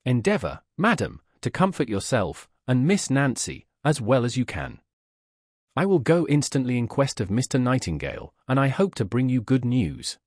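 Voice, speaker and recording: An earnest, kind-hearted young gentleman speaks in a reassuring way, as a man reads him in an audiobook. His pitch moves lively. The recording is dry and close. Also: moderate pace, no room sound. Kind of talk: audiobook character reading.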